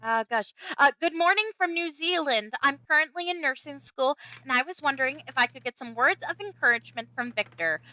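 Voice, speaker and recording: A woman's voice: high voice, animated, a little fast, few pauses, pushed and bright, low-quality recording. A woman moderating a livestream panel, chattily reading fan questions aloud with small hesitations. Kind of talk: casual livestream hosting.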